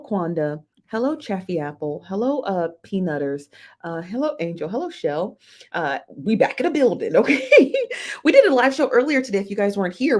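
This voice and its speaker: A woman's voice: on the low side, darkish tone. A woman hosting a casual livestream, chatting with viewers, greeting them by name and laughing often, recorded on a phone. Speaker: livestream host.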